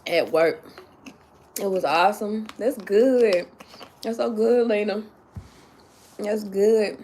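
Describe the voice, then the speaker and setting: A woman hosting a casual livestream, chatty and excitable, greeting viewers by name and repeating herself, a little sleepy. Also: medium pitch, slow pace. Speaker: livestream host.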